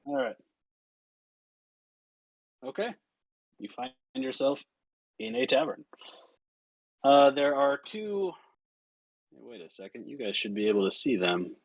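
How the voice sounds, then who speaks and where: A man narrating as game master, casual and halting with many fillers. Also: medium pitch, expressive, dry recording, poor audio.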